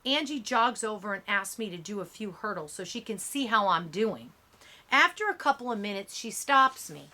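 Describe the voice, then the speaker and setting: Bright, expressive woman narrator. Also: medium pitch, normal speed. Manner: expressive, youthful storytelling. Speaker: audiobook narrator. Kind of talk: scripted first-person narration.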